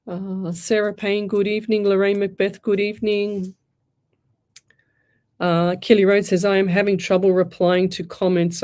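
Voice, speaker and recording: A woman's voice: fairly low pitch, darkish tone. Aussie lady psychic on live radio, rambly, lots of restarts and ums. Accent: Australian. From Australia. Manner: chatty, rambling, many restarts and fillers. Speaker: psychic medium radio host.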